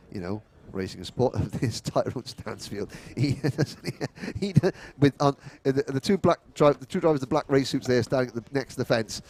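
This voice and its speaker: With a medium-pitched voice, a man calls a karting race live, rattling off positions and names as the excitement builds toward the finish.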